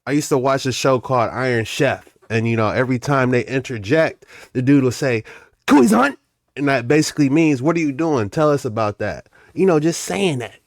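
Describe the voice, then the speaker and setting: A man's voice: medium pitch, a little fast, few pauses, no echo, studio quality. A man hosting a casual commentary on viral clips, talking in a laid-back, slangy, rambling way. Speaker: host.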